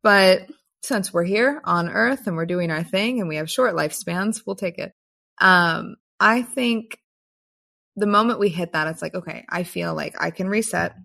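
A woman's voice: on the low side, moderate pace, creaky, sharp tone. A woman co-hosting a podcast, chatting in an easygoing, agreeable way. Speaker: podcast co-host. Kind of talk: casual chat.

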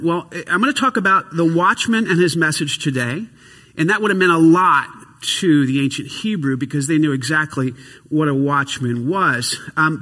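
A man in a church preaches with a high, bright, husky voice that swings from near-shouted emphasis down to hushed asides. He sounds tired but keeps pushing the energy back up. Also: in a large hall. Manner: animated preaching, swinging between loud emphasis and quiet asides. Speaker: pastor. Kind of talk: sermon. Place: church hall with congregation.

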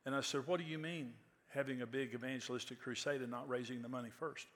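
A pastor in his sixties tells stories from the pulpit in an easy, conversational way, then presses his points with emphatic force. His voice is bright and forceful, with a long reverb trailing through a large hall. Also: mid-range voice, steady tone, quick pace. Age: 60s. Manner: conversational, anecdotal, rising to emphatic peaks. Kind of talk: sermon with storytelling.

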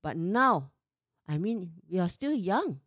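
A woman's voice: lowish voice, very animated, slow pace, a bit bright, dry recording, clean studio sound. Exasperated woman in her fifties. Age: 50s. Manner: emotional, exasperated retelling. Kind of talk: personal storytelling.

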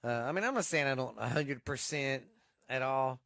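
A man's voice: medium pitch, expressive, normal speed, vocal fry, fairly bright tone, no room sound, studio quality. Rambling profane Texan man. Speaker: podcast host. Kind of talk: casual profane news chat. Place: home desk setup.

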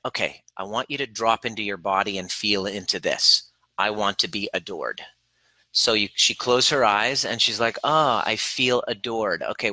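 A relationship coach with a lowish, pushed, bright voice talks to camera on a rough recording with no room sound. Earnest and emphatic, he retells a client session in quoted dialogue and speaks directly to the listener.

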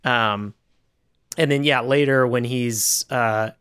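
A man co-hosting a film podcast, calmly retelling scenes and quoting characters. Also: mid-range voice, takes it slowly, clean tone. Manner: relaxed storyteller, retells scenes in quoted voices. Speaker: podcast co-host. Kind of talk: casual film discussion.

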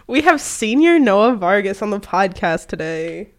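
A young woman in her twenties co-hosting a podcast, upbeat and teasing, quick to laugh. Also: mid-range voice, big pitch swings. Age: 20s. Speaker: podcast co-host. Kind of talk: casual podcast chat.

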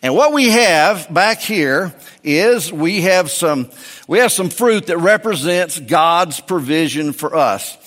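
Man preaching a sermon, higher voice, echoing hall. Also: expressive, takes it slowly, fairly bright tone. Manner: folksy and joking with the congregation. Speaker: pastor. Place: church.

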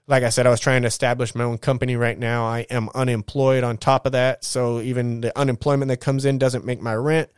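A man's voice: mid-range voice, smooth, no room sound, clean studio sound. A man in his thirties telling his life story in a casual, rambling monologue, blunt and full of swearing and slang.

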